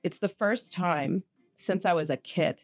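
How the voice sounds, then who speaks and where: An interview host chatting casually with a guest, enthusiastic and quick to agree. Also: mid-range voice, faint music behind.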